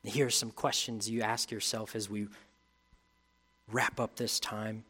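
A man, preaching a sermon as pastor. He reads scripture aloud, building in intensity, then drops to quiet reflection. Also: on the low side, level tone, unhurried, slightly rough.

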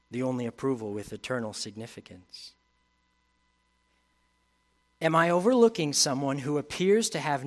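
A man, preaching a sermon as pastor. He reads scripture aloud, building in intensity, then drops to quiet reflection. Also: mid-range voice.

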